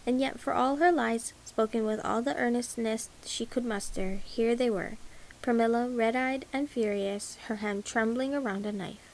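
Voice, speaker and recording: Woman reading a novel aloud, gravelly. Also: a little high, moderate pace, a little mellow, slight background noise, low-quality recording. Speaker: audiobook reader. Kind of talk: audiobook narration.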